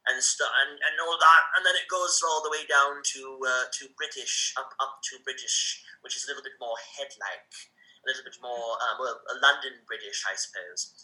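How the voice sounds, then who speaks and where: Bright-voiced man talking about voice acting. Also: mid-range voice, poor audio. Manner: halting, many restarts and fillers. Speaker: voice actor guest. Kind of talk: casual interview chat.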